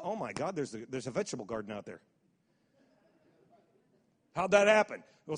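A man preaching a sermon as pastor, stumbling over repeated words and building to emphatic declarations. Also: high voice. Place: church service hall. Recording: long hall reverb.

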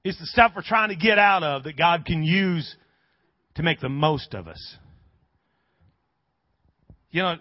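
A male pastor preaching a sermon, telling stories and swinging from hushed prayer to rousing shouts. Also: a little high, measured pace, pauses often, no room sound. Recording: dull dry lo-fi sermon audio.

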